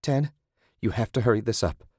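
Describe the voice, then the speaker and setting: A man's voice: normal speed, a little mellow, no echo, studio quality, lightly acted. A man voicing a desperate young woman in a horror story, screeching and straining as she fights. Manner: shrill, frantic screeching.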